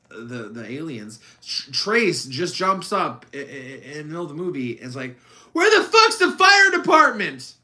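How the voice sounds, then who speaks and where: A man co-hosting a podcast, chatting casually about movies, animated and quick to laugh, with some swearing. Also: on the high side. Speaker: podcast co-host. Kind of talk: casual chat.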